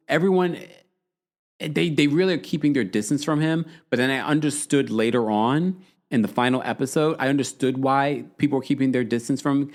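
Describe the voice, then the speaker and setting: Animated man chatting on a live show. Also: medium pitch. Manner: animated, acts out quoted lines in shifting voices. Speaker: podcast host recapping reality TV. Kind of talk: casual chat, reading out live chat comments.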